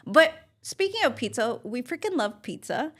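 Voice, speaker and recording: High-voiced woman telling a story excitedly. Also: normal speed. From Punjab, India. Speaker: podcast co-host. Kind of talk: storytelling in casual chat.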